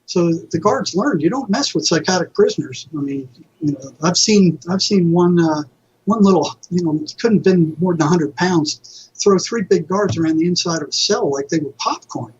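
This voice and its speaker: A man, a mental health counselor, telling lively anecdotes as a guest in an interview and acting out what others said. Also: sits high, normal speed, slight background noise. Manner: animated anecdotes, acting out quoted people. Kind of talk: conversational storytelling. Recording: dull lo-fi audio.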